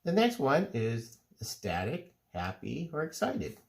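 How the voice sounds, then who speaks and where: A middle-aged man calmly explaining, step by step, how to draw cartoon faces. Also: fairly high pitch, gravelly. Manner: relaxed, unhurried step-by-step explaining. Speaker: drawing teacher. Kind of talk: casual drawing tutorial.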